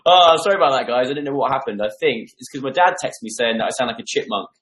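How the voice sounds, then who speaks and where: A young man chats loosely to viewers over a live stream, rambling from one thought to the next as he reads comments. His voice sits at an ordinary middle pitch, and the room around him rings noticeably. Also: lively intonation, rapid-fire, fairly bright tone, roomy sound. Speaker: livestream host. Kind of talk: casual live stream chat. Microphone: desktop microphone.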